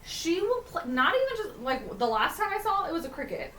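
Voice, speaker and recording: Extremely high, sing-song, brisk, and pushed bright, this woman's voice belongs to a podcast co-host chatting casually and with lots of energy, cursing freely and performing quotes. She's recorded off-mic at a distance in a roomy space with faint room noise.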